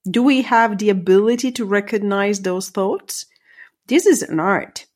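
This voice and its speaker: A woman's voice: mid-range voice, animated, a little slow. A woman leadership coach, a guest on an interview, explaining ideas thoughtfully with hesitations and self-corrections. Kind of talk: conversational interview.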